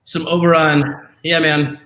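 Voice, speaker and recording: A man's voice: fairly high pitch, level tone, a little slow, a bit bright. A man hosting a live drinking show, joking and teasing his co-hosts with lots of energy. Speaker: podcast host. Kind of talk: live-stream casual chat. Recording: echoey room.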